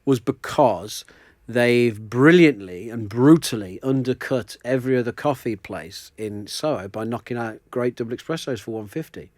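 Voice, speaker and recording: A man on a podcast, chatting casually and swearing freely as he spins anecdotes and needles his co-host. The recording is dry and close, with his voice sitting at an ordinary middle pitch. He talks in a loose, conversational way. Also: normal speed, a little mellow, dry recording. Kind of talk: casual chat.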